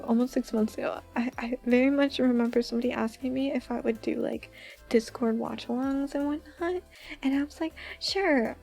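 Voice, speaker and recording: A young woman streamer in soft-spoken casual chat with viewers, giggly and rambling, with lots of "like". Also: high-pitched, creaky. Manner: giggly, rambling, says "like" often.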